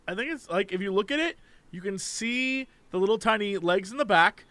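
A man co-hosting a podcast, chatting casually and thinking out loud. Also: high voice, animated, brisk, no echo. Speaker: podcast co-host. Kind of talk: casual chat.

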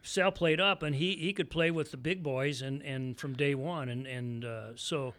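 An older man who is a guest on a podcast, chatting casually in a halting way and repeating words. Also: medium pitch, a bit bright.

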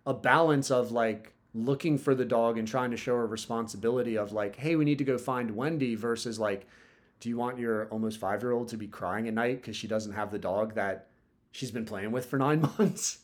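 A man's voice: mid-range voice, normal speed. Laid-back swearing man telling a story. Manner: laid-back, swears a lot, heavy use of "like" and "dude". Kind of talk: casual chat, storytelling.

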